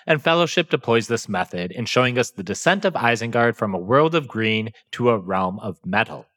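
A podcast host talks through film analysis in an even, measured way, dropping in the odd filler. His voice has a bright, forceful edge at a middle pitch. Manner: self-described monotone, analytical with fillers.

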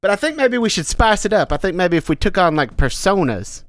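Casting: playful thirties man, lively and slightly high voice, dry close sound, rambling tabletop player. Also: a little fast, no room sound. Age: 30s. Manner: playful, laughs often, rambling. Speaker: podcast host and player. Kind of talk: tabletop role-play banter.

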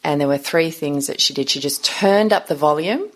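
A woman's voice: low-pitched, normal speed. A middle-aged woman, a podcast guest, telling a personal story in an earnest, reflective interview.

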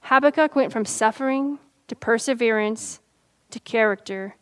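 Young woman preacher, slightly high-pitched, conversational sermon delivery. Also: normal speed, a bit bright, dry recording. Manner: conversational, storytelling with asides and laughs.

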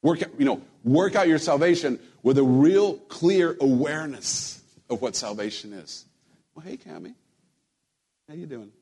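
Man, pastor, husky voice, easygoing joking sermon, in a church. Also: on the high side, lively intonation, moderate pace, warm tone. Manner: conversational preaching, joking with the congregation, repeats words. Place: church sanctuary.

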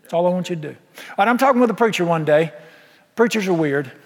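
High-voiced and fast, with lively intonation, the pastor delivers a folksy, emphatic sermon full of rhetorical questions for his congregation. Recorded in a church sanctuary, it rings with a big hall's long reverb.

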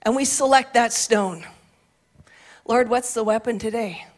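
A woman's voice: on the high side, measured pace. A woman preaching a sermon, reading scripture and breaking into casual asides with fervent energy. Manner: fervent, building to shouted declarations.

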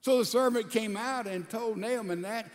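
A man's voice: high-pitched, moderate pace. A man preaching a sermon, retelling a scripture story in a folksy way and acting out the characters' words. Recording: long hall reverb.

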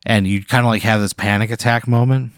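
A man's voice: on the low side, fairly even intonation, fairly quick, clear, resonant tone, dry recording, clean studio sound. A man co-hosting a comedy podcast, rambling through an absurd improvised hypothetical. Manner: rambling, building an absurd scenario.

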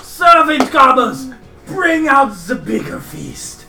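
A man reading a scripted podcast outro in a brisk, lightly joking way. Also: very high-pitched, animated, creaky. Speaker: podcast host. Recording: roomy with faint music.

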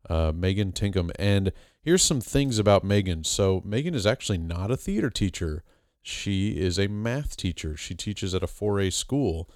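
Low-voiced rambling podcast host man. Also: animated, moderate pace, a little mellow, dry recording, studio quality. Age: adult with a master's degree. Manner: rambling, joking, many fillers and restarts. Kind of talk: casual podcast monologue.

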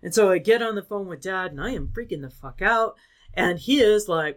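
A woman's voice: medium pitch, animated, brisk. A woman co-hosting a casual chat, ranting and swearing freely as she tells a story.

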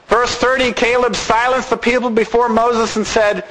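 Male preacher, very high pitch, animated Bible teaching, light background hiss. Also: a little slow, poor audio. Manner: animated, acts out characters. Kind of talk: sermon with Bible reading.

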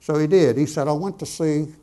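A man's voice: fairly high pitch, a little fast, mellow. A middle-aged man, preaching a testimony as a folksy, conversational story, acting out both sides of the dialogue. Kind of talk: sermon storytelling.

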